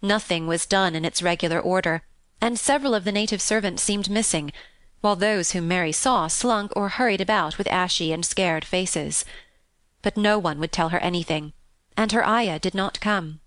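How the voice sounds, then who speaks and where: A woman reading a classic children's novel aloud in a calm, steady and expressive narration. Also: lowish voice, normal speed, no echo. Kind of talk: scripted storybook narration.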